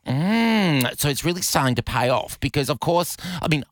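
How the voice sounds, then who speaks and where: Male voice actor, guest; animated pitch, chatty, self-mocking, dry close sound. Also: normal speed, dry recording. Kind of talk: casual chat.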